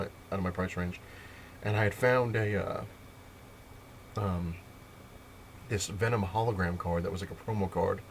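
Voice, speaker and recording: Fast-talking deep-voiced New man. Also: a little hiss or hum. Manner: rambling, filler-heavy retelling. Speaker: comic collector vlogger. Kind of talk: casual storytelling to camera.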